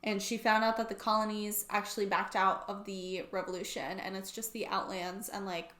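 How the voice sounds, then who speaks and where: A woman's voice: medium pitch, little pitch movement, normal speed, a bit bright, reverberant. A young woman recapping a book plot in a casual, sarcastic way, using "like" constantly. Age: young adult. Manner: chatty and sarcastic, heavy use of "like". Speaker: book YouTuber.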